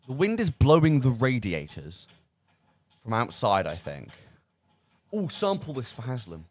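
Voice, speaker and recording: A young man from the English Midlands hosts student radio in casual chat on a studio mic. He talks in a chatty, jokey way and laughs at himself. His mid-pitched voice swings up and down with great energy. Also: huge pitch swings, a little slow.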